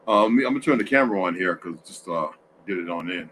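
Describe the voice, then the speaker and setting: A man's voice: low-pitched, expressive, fast talker, fairly bright tone, slight background noise, low-quality recording. A man hosting a casual livestream from home, tired and yawning, talking in a rambling way with many restarts and asides to chat. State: sleepy, yawning. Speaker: livestream host.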